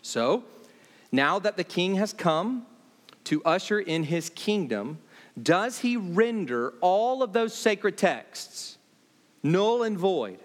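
Male pastor, high voice, emphatic sermon delivery, reverberant hall. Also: sing-song, slow pace. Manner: emphatic, repeats key phrases, voice dropping low on points. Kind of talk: expository sermon.

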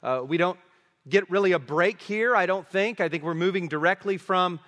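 Man preaching in a reverberant hall. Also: normal speed. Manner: emphatic, rising to forceful peaks and dropping low at phrase ends. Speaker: pastor. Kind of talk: sermon. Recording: long reverb of a large hall.

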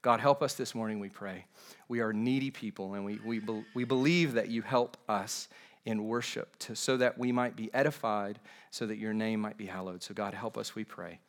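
A male pastor leading a prayer and preaching at a morning church service, with a measured, earnest delivery and frequent repeated words. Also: fairly low pitch, steady tone. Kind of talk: sermon with opening prayer.

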